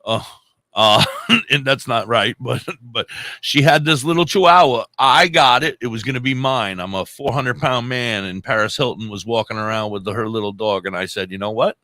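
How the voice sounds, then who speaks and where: A man co-hosting a casual comedic chat, telling animated, crude stories. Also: on the low side, dry recording. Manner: animated storyteller, crude jokes. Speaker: podcast co-host.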